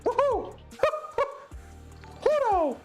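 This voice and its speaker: A man voicing a cheerful male cartoon mouse in a high, squeaky falsetto, sing-song and gleeful. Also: very animated, extremely slow, faint music behind, full character voice. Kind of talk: livestream impression.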